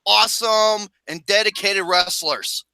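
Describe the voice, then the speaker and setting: A man hosting a casual ranking chat, ranting with plenty of profanity in an animated, exasperated way. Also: high voice, a little slow, creaky, clean tone, no echo. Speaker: podcast host.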